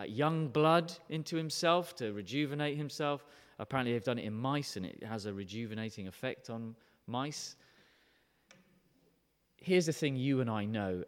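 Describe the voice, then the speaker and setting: A man preaching an animated, emphatic sermon, often putting questions to his listeners. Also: medium pitch, long reverb tail. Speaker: pastor.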